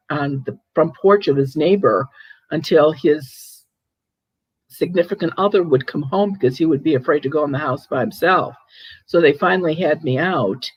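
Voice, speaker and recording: An older woman hosting a casual chat, telling stories in a chatty, animated way with frequent restarts. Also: sits low, no room sound, muffled recording. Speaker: host, ghost medium.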